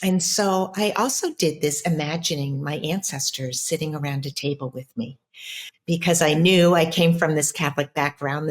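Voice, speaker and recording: A middle-aged woman, a spiritual coach, telling a personal story in an interview in an earnest, reflective way with many restarts. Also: deep voice. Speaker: ancestral healer and spiritual coach.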